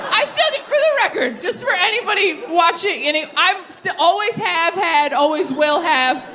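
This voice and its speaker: A woman in her thirties doing a stand-up set on a stage, brash and profane, with quick self-mocking asides and crowd work. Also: very high voice, lively intonation, background noise. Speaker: stand-up comedian. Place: comedy stage before a live audience.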